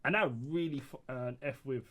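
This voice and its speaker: A man co-hosting a podcast in casual chat, excitable and quick to laugh, often repeating himself. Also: medium pitch. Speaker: podcast co-host.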